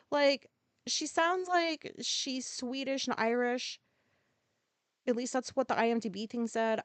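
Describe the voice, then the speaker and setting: Blunt, rambling woman with a high voice. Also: no echo. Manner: casual, lots of filler words. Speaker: podcast host. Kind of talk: solo podcast monologue.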